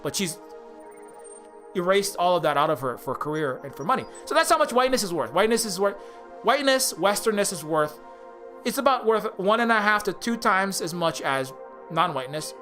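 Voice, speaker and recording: A man's voice: high voice, sing-song, fairly quick, a bit bright, faint music behind. Heated, profane man ranting. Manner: heated, profane, repetitive restarts. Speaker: indie game developer. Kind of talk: ranting monologue.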